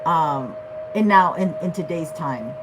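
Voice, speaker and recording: A woman's voice: deep voice, expressive, a little slow, loud music behind the voice, poor audio. A woman giving a casual tarot reading, chatty and loose, often checking in with "okay?". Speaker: tarot reader.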